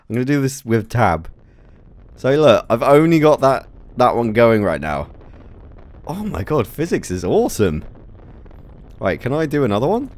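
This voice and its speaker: A man commentating his own gameplay, excited, giggling often and exclaiming at explosions. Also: mid-range voice. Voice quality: giggly, frequent laughter and exclamations. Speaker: gaming YouTuber.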